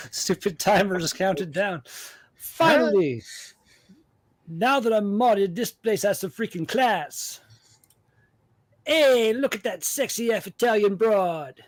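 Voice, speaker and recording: A man voicing a brash Italian-American mobster type, reading chat comments in a swaggering, gruff wiseguy manner. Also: sits high, expressive, slow pace, long pauses, no room sound, clean studio sound, heavily acted.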